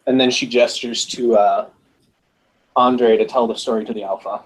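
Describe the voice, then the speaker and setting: A man serving as game master for an online tabletop game. His voice is husky and he narrates casually, often pausing on small fillers. He lays out the action in plain, everyday speech. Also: mid-range voice, fairly even intonation, low-quality recording.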